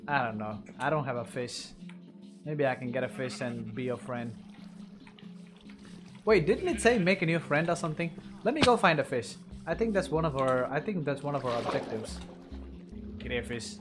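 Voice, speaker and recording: An excitable young man chatting his way through a game. His pitch leaps all over the place, from low mutters to sudden shrieks, with faint music playing underneath. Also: measured pace, long pauses. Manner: excitable, bursts into loud yelps and cheers between mumbled asides. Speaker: gaming commentator. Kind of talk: casual let's-play commentary.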